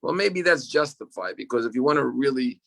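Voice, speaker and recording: A man's voice: medium pitch, animated, fairly quick, vocal fry. A man teaching as a rabbi in an online class, telling stories earnestly and repeating words as he restarts.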